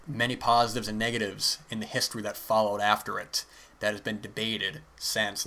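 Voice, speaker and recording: A man with a lowish, bright and forceful voice hosts a podcast solo. He talks at length about a film in an earnest, rambling way, often stopping to correct or qualify what he just said. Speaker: podcast host. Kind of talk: casual film commentary monologue.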